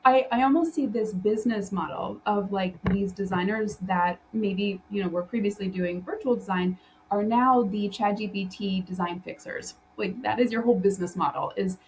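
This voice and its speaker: A woman's voice: medium pitch, moderate pace, slight background noise, poor audio. Chatty woman hosting a solo podcast. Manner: chatty, loose, with frequent fillers and restarts; laughs often while telling stories. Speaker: podcast host and interior design business coach.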